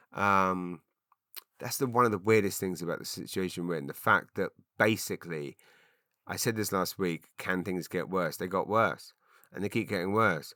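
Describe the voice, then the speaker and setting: A man's voice: sits low, normal speed, pushed and bright, dry recording, studio quality. A man hosting a solo comedy podcast, rambling in a chatty, self-mocking way with many ums and restarts. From Britain.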